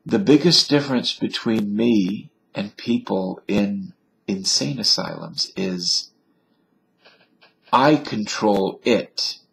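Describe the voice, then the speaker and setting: A man's voice: on the low side, expressive, slow, vocal fry, a bit bright. A man talking alone to his webcam indoors, musing in a wry, self-mocking way. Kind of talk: rambling webcam monologue. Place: indoors at a computer.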